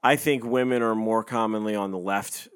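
A man's voice: on the low side, steady tone, moderate pace, smooth. A man co-hosting a casual podcast, ranting emphatically with heavy profanity. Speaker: podcast co-host. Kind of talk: casual crude podcast banter.

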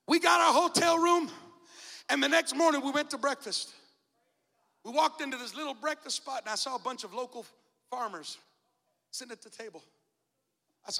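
High-pitched, dramatic male preacher in a church. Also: creaky. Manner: dramatic, shouts out key phrases. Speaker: bishop preaching. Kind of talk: sermon with personal storytelling. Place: church sanctuary. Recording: long church reverb.

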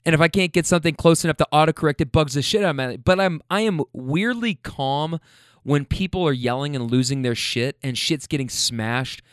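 A man's voice: on the high side, fairly quick, smooth, no echo, clean studio sound. A man casually telling a story, chatty and laid-back, with profanity and self-deprecating asides. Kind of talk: casual spoken anecdote.

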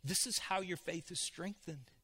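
A male pastor preaching a sermon in a church, shifting from hushed to loud. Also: high voice, normal speed, breathy edge.

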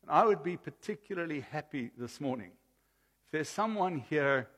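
A man preaching a sermon as pastor in a measured, emphatic way, in an old recording from a church. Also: on the high side, lively intonation, a bit bright. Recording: old sermon recording with long hall reverb.

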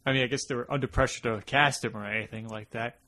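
A young New York man chatting through a film on a podcast. His pitch sits in the middle range for a man. He rambles in a loose, easygoing way. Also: fast, creaky. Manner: rambling, acts out characters in animated bursts. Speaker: podcast co-host. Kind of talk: casual film discussion.

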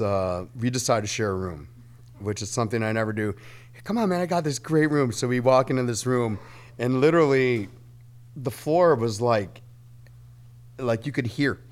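A man in a band, guesting on a podcast and telling a rowdy tour story with lots of swearing and laughter. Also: lowish voice. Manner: animated, swearing, laughing through his story. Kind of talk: storytelling in casual chat.

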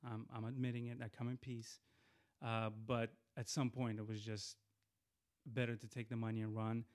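A man hosting his podcast alone, chatting loosely about the show and giving shout-outs, often restarting his sentences. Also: medium pitch, level tone, moderate pace. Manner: chatty, rambling with frequent restarts. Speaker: podcast host. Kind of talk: casual solo podcast intro.

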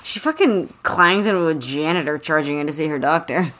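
A woman casually summarizing a novel from her notes, with wry deadpan asides and swearing. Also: low voice, a little fast. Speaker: podcast co-host discussing a book. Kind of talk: casual chat, reading from notes.

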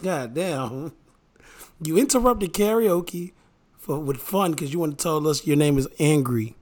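A man's voice: fairly high pitch, lively intonation, unhurried, darkish tone. A man co-hosting a casual podcast, bantering with cheeky playfulness. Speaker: podcast co-host. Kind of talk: casual chat.

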